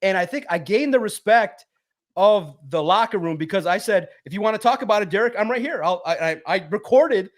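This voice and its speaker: Guy with a pretty high voice, super high energy, just chatting and spinning a story on a sports podcast. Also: expressive, brisk. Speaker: podcast guest, sports publisher. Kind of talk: casual storytelling chat.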